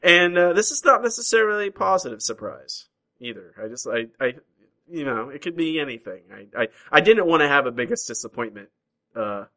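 Bright-voiced chatty man hosting. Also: on the high side, big pitch swings, brisk, low-quality recording. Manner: chatty, hesitant restarts, laughs easily. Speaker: podcast host. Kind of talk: casual chat.

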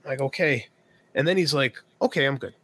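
A man's voice: medium pitch, a little fast, fairly bright tone, husky. A man in his thirties telling a personal story in a casual podcast chat, quoting himself and his son as he goes. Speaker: podcast co-host.

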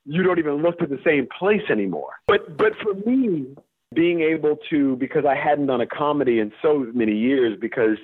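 A man from the US Deep South, an actor being interviewed, talking candidly and emphatically, swearing and laughing as he makes his points. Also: expressive, normal speed, no room sound. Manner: emphatic, profane, laughs while making points. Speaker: actor guest. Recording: tinny phone-line sound.

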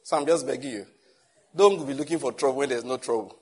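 A man's voice: mid-range voice, fast talker, darkish tone. A man preaching a sermon in a conversational way, acting out little dialogues as he teaches. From Nigeria.

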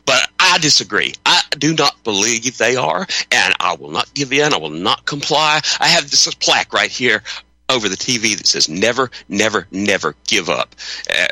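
A man's voice: mid-range voice, sing-song, moderate pace, sharp tone, dry recording, poor audio. A man hosting a talk show, delivering a fervent, defiant monologue. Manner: fervent, defiant, rising to emphatic peaks. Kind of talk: impassioned radio monologue.

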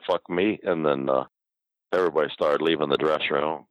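A man's voice: a bass voice, steady tone, a little fast, a bit bright, no echo, poor audio. A man, a wrestling promoter, telling a rambling, profane story in a casual interview. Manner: rambling, profane, full of fillers.

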